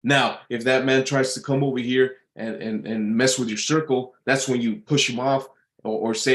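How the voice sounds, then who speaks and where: A man's voice: mid-range voice, steady tone, normal speed, a bit bright, echoey room. A man giving casual motivational advice, blunt and profane, often repeating himself and restarting his sentences. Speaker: vlogger giving life advice.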